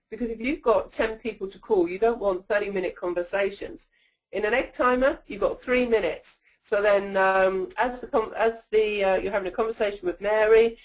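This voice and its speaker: A woman's voice: medium pitch, low-quality recording. A woman presenting a sales-training webinar in a coaching tone, often checking in with "okay?".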